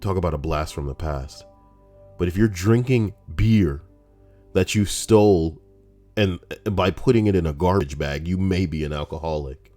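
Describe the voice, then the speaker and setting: A man reading out Reddit posts on a livestream, rambling and profane in a casual, animated way. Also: sits low, moderate pace, soft background music.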